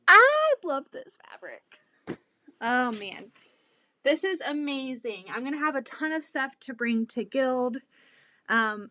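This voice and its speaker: A woman chatting excitedly and a bit out of breath while showing quilts from her home sewing room, speaking into her laptop. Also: sits high, no room sound. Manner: chatty, excitable, laughs often. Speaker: quilting channel host. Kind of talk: casual livestream chat.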